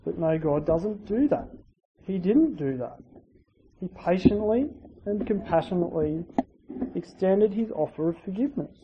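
A preacher giving a conversational sermon, using asides and rhetorical tag questions and swinging between loud emphasis and quiet, dropped phrase endings. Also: medium pitch, expressive, moderate pace. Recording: dull lo-fi recording with faint hiss.

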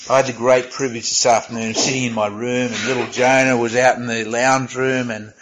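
A man's voice: medium pitch, flat delivery, a little fast, noisy background. A man preaching a sermon in a conversational way, reading scripture and adding casual asides. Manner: conversational, reads scripture aloud, self-aware asides.

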